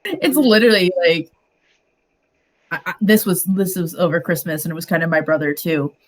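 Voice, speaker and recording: A woman's voice: on the low side, normal speed. A woman co-hosting a casual chat stream, rambling and giggling, often trailing off mid-sentence. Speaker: co-host.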